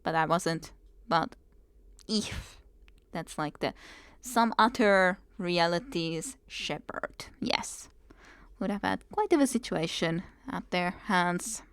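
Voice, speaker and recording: Woman streamer, chatty and rambling, lower pitch, casual commentary. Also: takes it slowly, a bit bright, clear, resonant tone, no room sound. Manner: chatty, reads game text aloud.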